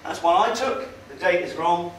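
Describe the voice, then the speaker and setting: This time the voice is high-pitched and a bit bright, with lively intonation at a moderate pace. The man talks sardonically and casually to a meeting-hall crowd, hesitating with fillers, captured far from the mic in a roomy, faintly noisy hall.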